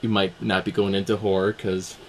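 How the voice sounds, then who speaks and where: A young man hosting a casual podcast, talking in a relaxed way with plenty of fillers. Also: sits low, fairly quick, slight background noise. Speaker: host. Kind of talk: podcast intro and casual chat.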